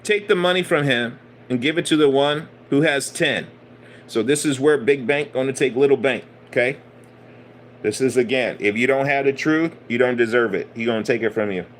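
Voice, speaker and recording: A man's voice: medium pitch, normal speed, a little hiss or hum. A man preaching in a casual, blunt style, swearing often and hammering points through repetition. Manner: blunt, profane, emphatic preaching; conversational, repeats phrases. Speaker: spiritual teacher. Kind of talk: casual sermon.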